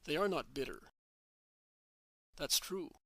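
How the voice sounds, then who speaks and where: Kind calm teacher guy, soothing, man reading it, bright dry voice. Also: a little high, takes it slowly, creaky, no echo, exaggerated voice. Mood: gentle. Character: gentle, kindly male religious teacher.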